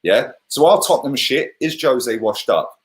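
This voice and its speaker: A man's voice: medium pitch, animated, moderate pace. A man, a football fan pundit, ranting bluntly and combatively in heated, sweary chat. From England.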